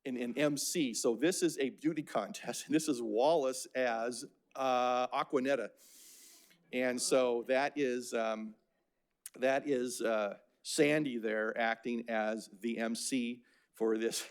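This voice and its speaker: An older man from Phoenix giving a casual, anecdotal lecture about slides, with many fillers and restarts. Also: medium pitch. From Phoenix, Arizona.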